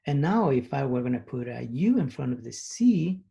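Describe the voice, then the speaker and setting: A man's voice: medium pitch, very animated, gravelly, warm tone, husky, highs cut off. A man teaching a recorded language lesson, patiently explaining sounds and repeating each example word twice. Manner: patient, explains slowly with many pauses and fillers.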